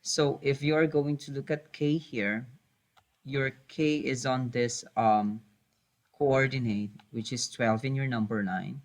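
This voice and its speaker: A man's voice: medium pitch, steady tone, slow. A man teaching a math lesson, hesitating with many fillers, correcting himself and patiently repeating key points.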